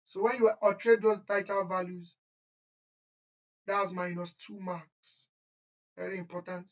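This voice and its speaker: A woman's voice: medium pitch, little pitch movement, a little slow, lo-fi sound. A woman chemistry teacher, giving an exam-prep lesson in an emphatic, scolding way that repeats key points. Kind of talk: exam-prep lesson, screen-share walkthrough.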